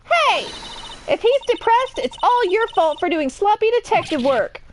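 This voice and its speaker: A woman voicing a gruff, blundering male police detective in a put-on New York accent who keeps saying "pal". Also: very high voice, very animated, measured pace, a little hiss or hum, voice pushed up, full character voice. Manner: brash, says "pal" often.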